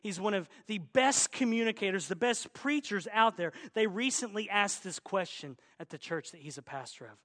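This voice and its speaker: A man pastor preaching a sermon, swinging between loud, urgent exhortation and quiet, earnest appeals. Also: sits high, lively intonation, normal speed, hardly any pauses.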